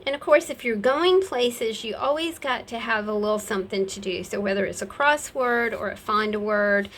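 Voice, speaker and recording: A woman's voice: a little high, moderate pace, fairly bright tone, slight background noise. A middle-aged woman, rambling chattily as she shows off craft supplies and laughs at herself. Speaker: craft seller showing her products. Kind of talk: casual craft show-and-tell.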